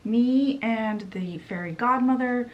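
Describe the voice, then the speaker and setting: A woman voicing a firm, calm female fairy-school teacher who settles a quarrel in a soothing way. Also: a little high, slow pace, dull audio, voice pushed up.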